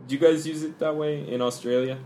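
A man hosting a casual podcast, explaining English expressions and switching into quick Korean. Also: fairly high pitch, steady tone, dark tone, slight background noise. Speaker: podcast host and English teacher. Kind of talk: casual bilingual language lesson.

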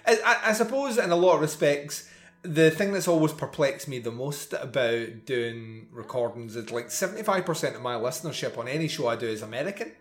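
A man's voice: mid-range voice, a little fast. A man with a Scottish accent chatting casually as a podcast host, rambling with many fillers and restarts. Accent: Scottish, central belt near Glasgow and Edinburgh. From Scotland. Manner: rambling, lots of fillers and restarts, laughs easily. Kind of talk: casual chat.

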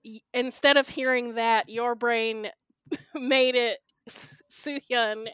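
A woman's voice: a little high, fairly even intonation, slow, crowd noise. A woman co-hosting a podcast, chatting in a playful, jokey way. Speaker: podcast co-host. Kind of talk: casual chat.

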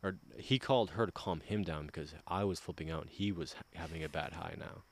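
A man's voice: low voice, a little fast, slight background noise. A man in casual podcast chat, telling a rambling, profane story.

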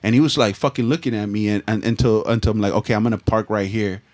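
A man's voice: fairly low pitch, steady tone, quick pace, darkish tone. Profane, slangy man from Southern California. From Los Angeles, USA. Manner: profane, slangy, rambling with restarts. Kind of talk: casual storytelling chat.

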